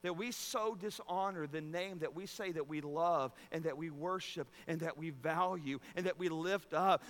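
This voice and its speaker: A man delivering a sermon in a high, bright voice. He preaches earnestly, stumbles over repeated words, and swells to loud emphatic peaks. His voice rings out with a long reverb through a large sanctuary. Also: normal speed, few pauses. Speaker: pastor.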